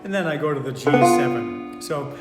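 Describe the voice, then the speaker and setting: A man teaching four-string banjo in a relaxed, unhurried way, thinking aloud with fillers as he plays. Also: mid-range voice, loud music behind the voice. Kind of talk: relaxed online music lesson. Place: indoor room, playing banjo while talking. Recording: echoey room with long reverb, banjo playing behind.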